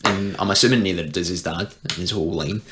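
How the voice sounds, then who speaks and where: A man, co-hosting a podcast in casual chat and telling stories with lively delivery. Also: deep voice, quick pace. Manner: storytelling, animated. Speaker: podcast co-host.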